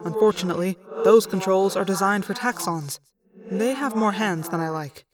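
A woman narrating a novel in first person with a plain, even telling. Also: mid-range voice, normal speed, a crowd in the background. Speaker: audiobook narrator. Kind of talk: storybook narration.

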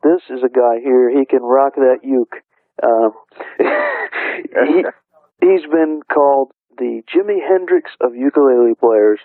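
A man's voice: mid-range voice, huge pitch swings, takes it slowly, dry recording. A male radio interviewer greeting and praising his guest with enthusiasm in an archived phone interview. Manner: enthusiastic, effusive. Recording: tinny, dry phone line.

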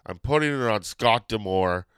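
A man hosting a podcast, chatting casually in a rambling, excitable way that keeps drifting off track. His voice is smooth and resonant, and it sounds dry and close to the mic. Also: fairly low pitch, moderate pace, no room sound. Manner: rambling, excitable, loses his train of thought. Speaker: podcast host.

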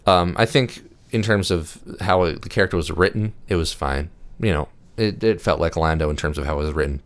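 A young man with a deep, low-pitched voice gives a loose, rambling monologue. His tone is smooth and clear, and his delivery is enthusiastic, with frequent "uh"s and restarts. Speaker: video host. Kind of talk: casual monologue reviewing films.

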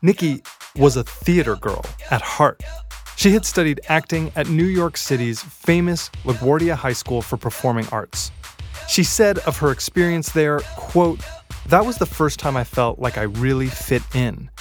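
A man's voice: on the high side, animated, moderate pace. Man narrating with wry asides. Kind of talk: scripted documentary narration. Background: faint music bed.

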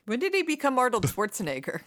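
A woman's voice: fairly high pitch, huge pitch swings, quick pace, no room sound. A woman chiming in with short, dry remarks in a casual chat.

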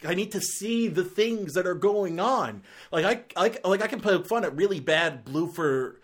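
A man's voice: on the high side, fairly bright tone. A man giving a casual, rambling film review, often exasperated and filling his talk with "like".

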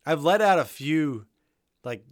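A man co-hosting a podcast in relaxed, teasing chat, laughing often and swearing. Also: a little high, unhurried, no echo, studio quality. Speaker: podcast co-host. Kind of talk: casual chat.

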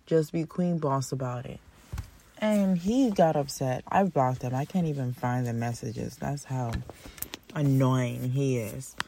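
A woman's voice: extremely low pitch, unhurried, gravelly, warm tone, slight background noise. A young woman hosting a podcast, telling dating stories in a blunt, exasperated, profane casual rant. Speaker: podcast host.

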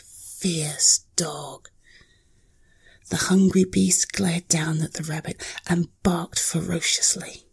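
A woman narrating a bedtime story in a slow, soft whisper. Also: fairly low pitch, gravelly, breathy edge.

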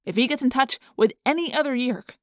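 A woman's voice: sits high, fairly quick, no echo, voice pushed up, lightly acted. A shrewd teen boy, wry and skeptical, read by a woman. The recording is dry and close. He sounds doubtful and unconvinced. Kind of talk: audiobook character reading.

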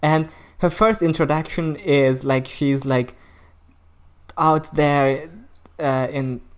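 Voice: medium pitch, fairly even intonation, slow, smooth. A podcast co-host sums up a film in casual chat. The talk rambles, full of "like" and "uh" fillers.

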